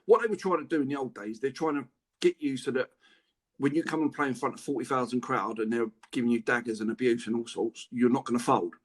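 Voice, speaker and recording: Fast-talking English ex-footballer telling stories. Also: male voice, mid-range voice. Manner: chatty, laughs through his anecdotes. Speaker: podcast guest, former footballer. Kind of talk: casual storytelling interview.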